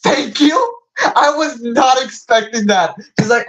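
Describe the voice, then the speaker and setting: A young man with a slight Latin American Spanish accent streams a live toy unboxing, gushing and rambling excitedly. His voice leaps high in pitch whenever something delights him. He talks a little slowly, and the recording is rough.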